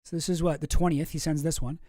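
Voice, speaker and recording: A man's voice: fairly high pitch, flat delivery, fast, dark tone, no room sound, clean studio sound. A man hosting a show, reading documents on screen in casual, profane, rambling commentary that mocks himself. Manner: profane, rambling, self-mocking. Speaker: show host.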